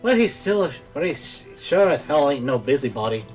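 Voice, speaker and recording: A man voicing a chatty old male traveling peddler with a put-on Irish accent and folksy, rough country grammar. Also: a little high, sing-song, normal speed, darkish tone, soft background music.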